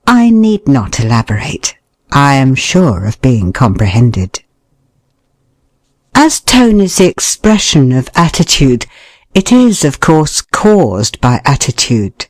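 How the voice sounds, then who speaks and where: An audiobook reader giving a measured, expressive narration of a nonfiction book, briefly voicing short quoted remarks. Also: mid-range voice, no echo.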